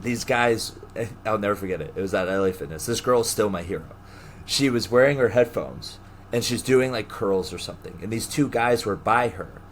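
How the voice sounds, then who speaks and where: A young man co-hosting a podcast, telling stories in casual chat, animated, laughing often and acting out the people he quotes. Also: fairly low pitch, moderate pace, slight background noise. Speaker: podcast co-host.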